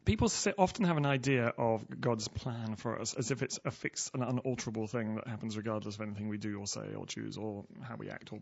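A man's voice: lowish voice, quick pace, creaky, hardly any pauses. A man talking theology in a casual podcast, wry and hesitant, often repeating words. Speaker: theologian guest. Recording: dull lo-fi sound.

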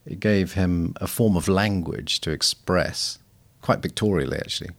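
Man, low voice, podcast guest, thoughtful and anecdotal, restarts often. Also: normal speed. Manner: reflective, anecdotal, frequent restarts. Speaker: guest missiologist. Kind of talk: casual podcast conversation.

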